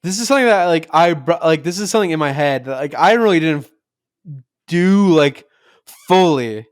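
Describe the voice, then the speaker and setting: Casual young man, smooth higher voice. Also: lively intonation, normal speed, no echo, studio quality. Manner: rambling storyteller, heavy filler "like", swears freely. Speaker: podcast co-host. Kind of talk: casual chat.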